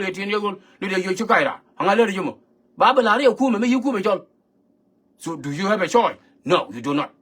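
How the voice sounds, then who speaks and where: High-voiced man lecturing emphatically. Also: a bit bright. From South Sudan. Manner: emphatic lecturing, switching between languages. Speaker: online commentator. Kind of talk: monologue talk mixing languages.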